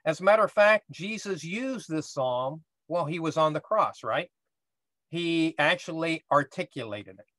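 A man's voice: a little high, animated, normal speed, fairly bright tone, no echo. A man teaching a casual Bible study class, explaining step by step and often checking in with "right?".

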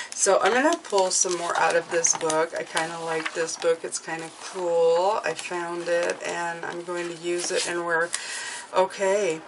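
A woman giving a tarot reading to her viewers, speaking gently and reassuringly and often checking in with "okay?". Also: lowish voice, a little hiss or hum, poor audio. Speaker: tarot reader.

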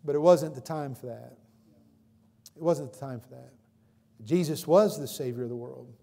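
A male pastor preaching a sermon in a church, swinging between loud emphatic calls and quieter explanation, with frequent questions to the congregation. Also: medium pitch, normal speed, creaky. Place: church sanctuary. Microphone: livestream recording from the pulpit.

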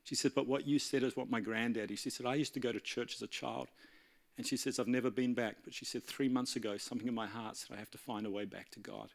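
A man's voice: medium pitch, steady tone, fast, vocal fry. A man preaching in a church, telling a story animatedly and acting out the dialogue. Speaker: pastor. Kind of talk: storytelling sermon.

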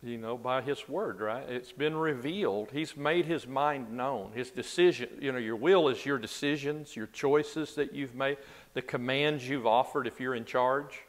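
A man at a mid-range pitch leads a Bible class in a loose, conversational way and puts questions to his listeners. His voice carries a long reverb from a large room. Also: a little slow.

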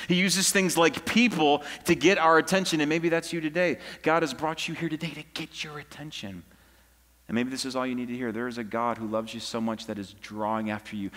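Animated pastor preaching in a hall. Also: male voice, mid-range voice. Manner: conversational, animated storytelling with audience prompts. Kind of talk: sermon. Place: church auditorium.

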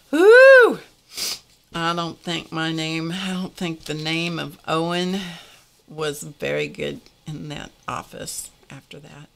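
An older woman hosts a relaxed art class, chatting to her viewers in an unhurried, lowish voice. She tells stories with a confessional air and laughs easily. A faint hiss sits under the recording. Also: vocal fry. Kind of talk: casual livestream art lesson.

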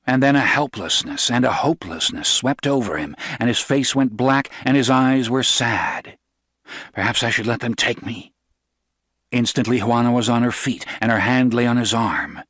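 A man reading a novel aloud in measured, steady audiobook narration. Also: medium pitch, no room sound, studio quality. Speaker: audiobook reader.

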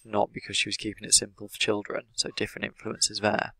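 A man with an English accent, an English teacher explaining the language of an interview in a measured way, with many "sort of" fillers. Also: lowish voice, completely flat delivery, pushed and bright, husky. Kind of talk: explanatory lesson analysing an interview.

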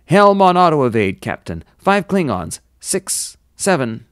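A man voicing an efficient starship helmsman giving crisp status reports. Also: on the high side, sing-song, measured pace, dry recording, clean studio sound, voice pushed up. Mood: alert. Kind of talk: audiobook character voice.

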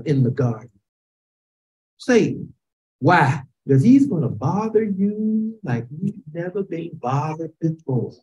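A woman with a Chicago accent leading a Bible class over a video call, quizzing students with questions and drawn-out emphasis, sometimes rising to shouts. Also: mid-range voice, low-quality recording.

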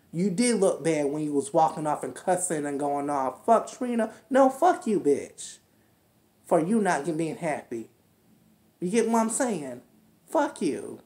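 A woman's voice: sits low, mellow. A woman heatedly recapping a reality show, cursing and scolding the cast as if they could hear her. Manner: heated, profane, scolding, talks straight to the cast. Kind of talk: ranting recap commentary.

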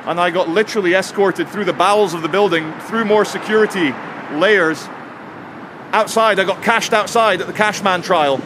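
A man tells a story to his camera in a chatty, joking way as he walks a city street. His voice sits a touch high. Faint traffic and street noise hum behind him. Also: moderate pace. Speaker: vlogger. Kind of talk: walking vlog to camera.

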